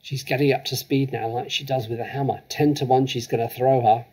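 A man reading aloud, voicing a cheeky, knowing older schoolgirl who speaks in a hushed, gossipy way. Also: medium pitch, fairly even intonation, fairly quick, slightly rough, lightly acted.

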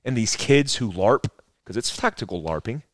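A man's voice: lowish voice, animated, normal speed, fairly bright tone, a little hiss or hum. A man in his forties, a former soldier, telling a rambling, profane story as a podcast guest. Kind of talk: casual storytelling conversation.

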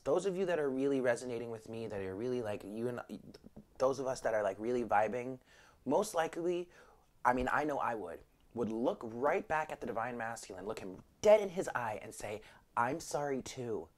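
A woman's voice: extremely low pitch, lively intonation, fairly quick, a little mellow. A woman giving a casual spiritual tarot reading, talking frankly and emphatically, swearing freely and dropping into whispered asides. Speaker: tarot reader.

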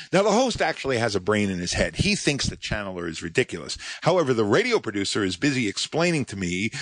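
A man's voice: medium pitch, a bit bright, no room sound. A male podcast host delivering a scripted monologue as a sardonic, mocking storyteller.

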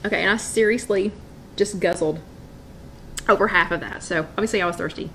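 A woman's voice: medium pitch, a little fast, a bit bright, slight background noise. A woman hosting a casual live-stream wellness chat, talking in a chatty, rambling way and greeting viewers by name. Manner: chatty, repeats and restarts, addresses viewers by name. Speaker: wellness workshop host.

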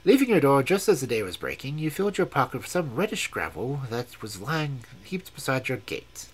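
A man reading aloud and voicing a cold, commanding male detective in a measured, stern, precise way with a husky tone. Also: medium pitch, big pitch swings, low-quality recording.

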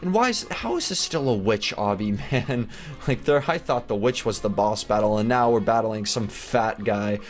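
An excitable young man chats his way through a game, his pitch swinging widely and leaping into high squeals whenever he is caught off guard. His delivery is loose, casual running commentary. Quiet music plays underneath him. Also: moderate pace. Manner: excitable, jumps into high squeals when surprised. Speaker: gaming channel host. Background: faint background music.

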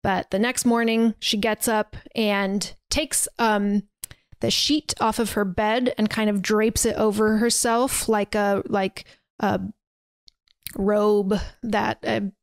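A woman's voice: mid-range voice, level tone, takes it slowly, dry recording. A woman hosting a podcast, casually retelling a film scene by scene with lots of fillers. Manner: chatty, retells scenes with quoted dialogue and fillers. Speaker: podcast host. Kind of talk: casual movie recap.

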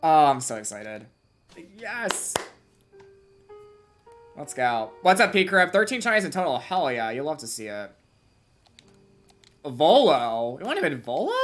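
Low-voiced woman streaming a game. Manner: excitable, gamer slang, chats with viewers. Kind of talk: live gameplay streaming chat.

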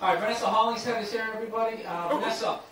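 A man's voice: sits high, steady tone, very fast. A man roasting a fellow comic on stage, brash and profane with mocking put-downs. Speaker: roast comedian. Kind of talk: insult comedy on stage. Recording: echoey hall, far from the mic, roaring crowd. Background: audience laughter and applause.

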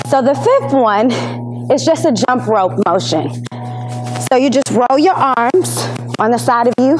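A woman teacher leading a televised exercise lesson, coaching and counting down between moves. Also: high-pitched. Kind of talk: leading a workout class. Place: indoors, recorded for school television.

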